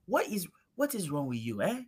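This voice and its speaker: A woman's voice: fairly high pitch, huge pitch swings, unhurried, gravelly, very noisy, heavily acted. A woman voicing a stern older woman who scolds with exasperated questions. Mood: scolding.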